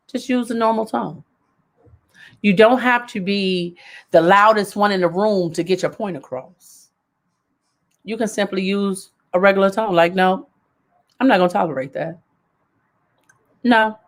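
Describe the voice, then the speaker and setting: A woman hosting a live advice show, coaching viewers in a casual way, repeating her key points and laughing as she reads their comments. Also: mid-range voice.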